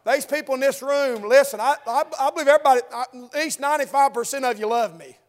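A man's voice: extremely high pitch, fast talker. A man preaching a sermon in church, building with repeated phrases and asides to the congregation.

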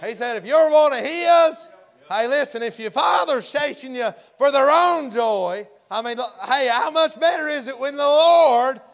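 A man's voice: extremely high pitch, expressive, a little slow, gravelly, a bit bright. A man preaching a folksy sermon, often hollering and acting out the story's characters.

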